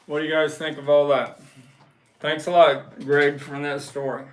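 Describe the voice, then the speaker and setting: A man hosting a casual livestream, telling a story slowly and with emphasis and reading viewer messages aloud. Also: on the high side, level tone. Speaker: livestream host. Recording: echoey room.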